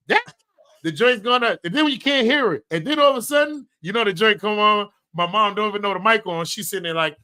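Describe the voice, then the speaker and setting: A man co-hosting a casual podcast, excitedly telling family stories and acting out his mother's lines. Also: high-pitched, brisk, clean tone. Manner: excitable storyteller, acts out his mom's lines. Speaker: podcast co-host. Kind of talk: casual chat.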